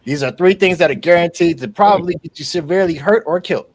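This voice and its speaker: In casual podcast chat, a male co-host with a high-sitting voice talks fast. His storytelling is animated and foul-mouthed, with the quotes acted out.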